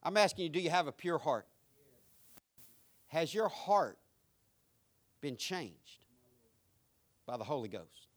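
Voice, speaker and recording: Preaching in a church, a male pastor in his 50s speaks slowly in a fairly high, very animated voice, leaving long pauses. His sermon moves from loud passion to hushed intimacy, and he tells folksy stories full of rhetorical questions.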